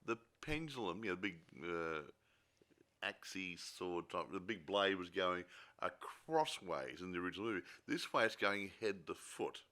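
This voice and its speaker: A man's voice: low voice, expressive, normal speed, sharp tone. A man co-hosting a film review podcast, chatting casually with jokey asides and many restarts. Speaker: podcast co-host.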